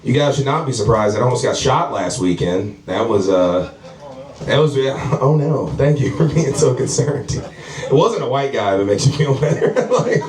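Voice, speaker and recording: A man does a stand-up set at a house comedy show indoors, rambling, swearing, and often laughing through his lines. His mid-range voice is animated and darkish at a moderate pace, recorded from a distant mic in a roomy live space.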